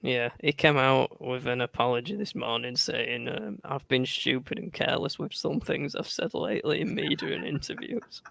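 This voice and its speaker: Laid-back gravelly man in a dry room. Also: medium pitch, normal speed, hardly any pauses, fairly bright tone, no room sound. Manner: laid-back, hesitant, with many fillers. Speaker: podcast co-host. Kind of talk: casual chat.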